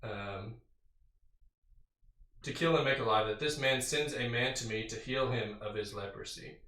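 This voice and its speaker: A man with a mid-range, pushed, bright voice leads a casual Bible study at a measured pace, reading scripture aloud and then explaining it conversationally with fillers. The distant mic gives a roomy sound.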